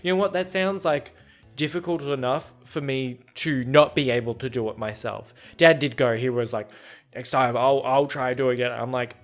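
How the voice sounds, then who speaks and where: A man's voice: medium pitch, moderate pace, faint music behind. A young man hosting a podcast, telling a rambling, self-deprecating story in casual chat and acting out both sides of conversations. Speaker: podcast host.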